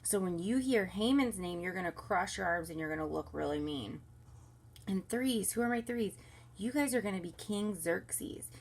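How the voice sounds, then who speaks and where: Upbeat woman with a creaky voice. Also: mid-range voice, expressive, normal speed. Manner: upbeat, instructive, talks to volunteers directly; soothes a baby softly mid-lesson. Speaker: children's ministry leader. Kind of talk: recorded training walkthrough for volunteers. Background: crying baby.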